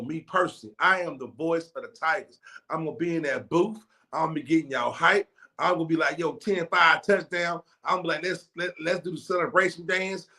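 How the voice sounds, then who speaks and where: A man hosting a live talk show, talking in a high-energy, slangy, hype-man way. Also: sharp tone. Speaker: talk show host and stadium announcer. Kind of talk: hyped casual live talk.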